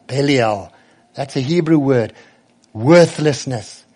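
A man's voice: medium pitch, animated, measured pace, a little mellow. A man preaching a sermon earnestly, often turning to ask the children direct questions.

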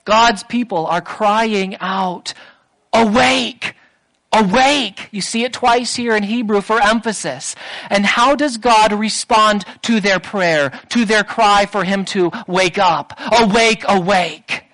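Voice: medium pitch, steady tone, measured pace, a bit bright, poor audio. A preacher delivering a sermon with emphatic delivery, repeating phrases and building to raised intensity.

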